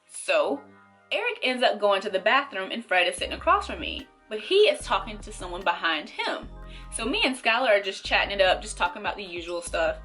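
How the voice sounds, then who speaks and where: A young woman vlogger telling a storytime to camera in a casual, animated way, acting out the voices of the people in it. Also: medium pitch, a little fast, soft background music. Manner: animated, acts out quoted voices, laughs between lines. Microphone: camera mic.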